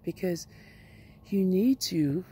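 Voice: medium pitch, expressive, takes it slowly, dark tone, breathy edge. A self-help vlogger speaking outdoors at a rural home, giving an earnest, playful, coaxing motivational talk.

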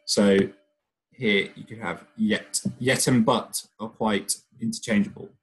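A man's voice: fairly low pitch, a little slow, rough recording. Man teaching a primary class. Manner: reads the story aloud with lively expression; patient, explains step by step. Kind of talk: recorded remote lesson.

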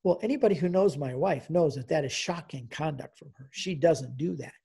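A man's voice: on the high side, brisk, gravelly, dark tone, breathy edge. A man in his sixties giving an emotional personal testimony as a guest speaker, telling his story and acting out the dialogue.

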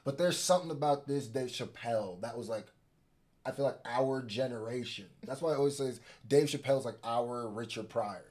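A man hosting a couples reaction video, chatting in a relaxed, enthusiastic way with many fillers. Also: medium pitch, a little fast. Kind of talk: casual reaction commentary.

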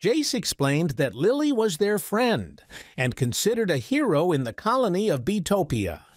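A man narrating an animated children's read-aloud, expressive and unhurried. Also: high voice, no room sound, studio quality. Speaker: storyteller.

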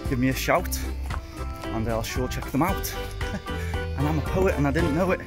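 A chatty Welsh man talks to viewers while filming himself on a phone, standing outdoors on a hill. His voice sits at a mid pitch. Music plays clearly behind him. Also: lively intonation, normal speed, low-quality recording. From Wales. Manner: chatty, keeps addressing viewers as folks. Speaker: hiking vlogger. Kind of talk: casual chat to camera. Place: outdoors on a hilltop. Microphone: phone held while filming.

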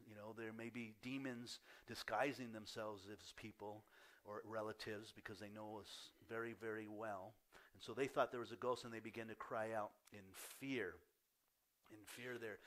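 A man's voice: mid-range voice, fairly bright tone. Older man, pastor, sermon in church, storytelling, acts out voices.

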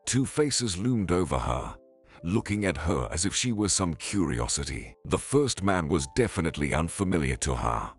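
A male narrator reads a scripted story in a deep, husky voice. His delivery is expressive, with pitch that rises and falls a lot. Faint music plays underneath. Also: moderate pace.

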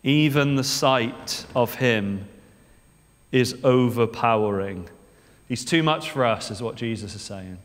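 A man's voice: mid-range voice, slow. A male preacher giving a sermon in a conversational way, often putting rhetorical questions to the congregation. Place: church. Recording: long church reverb.

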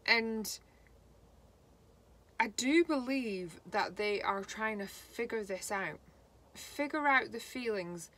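A woman giving a slow, halting spiritual card reading, voicing feelings with emotion. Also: on the high side, lively intonation, bright, forceful tone. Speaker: tarot reader.

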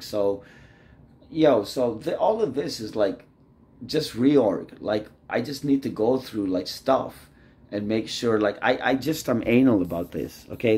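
A man talking straight to camera in a loose, rambling vlog, leaning on "like" over and over and often trailing off quieter mid-thought. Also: on the low side. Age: adult, married. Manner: rambling, loose, leans on "like" constantly. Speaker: vlogger. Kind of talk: casual rambling vlog monologue.

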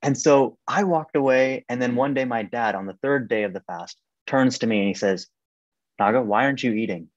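A young man giving a personal faith testimony as a podcast guest in a casual, animated way, full of "like" and "um". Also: normal speed, hardly any pauses, no echo. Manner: animated, acts out quoted voices with sharp rises in pitch; casual, many "like" and "um" fillers. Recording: dry, slightly dull podcast recording.

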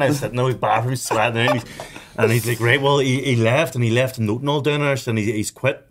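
A man's voice: medium pitch, steady tone, fast talker. A young man, telling a story as a podcast co-host, with lots of swearing and laughter. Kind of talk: casual chat, storytelling.

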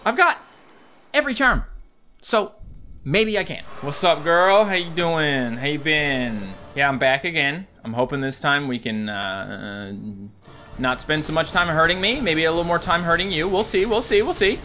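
A man in his thirties giving excitable, jokey let's-play commentary, talking to enemies and viewers. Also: on the high side, moderate pace. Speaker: gaming YouTuber.

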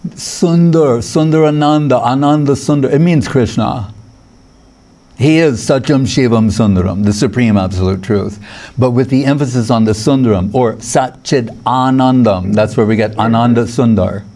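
A man's voice: medium pitch, moderate pace, mellow. A man giving a lecture on scripture as a spiritual teacher, digressive, chuckling now and then and quoting Sanskrit verses.

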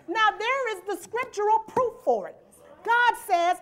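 A woman with an extremely high, very animated voice preaches a sermon in church at a moderate pace. She reads scripture aloud and explains it verse by verse, putting rhetorical questions to the congregation and asking "amen?" in call-and-response fashion.

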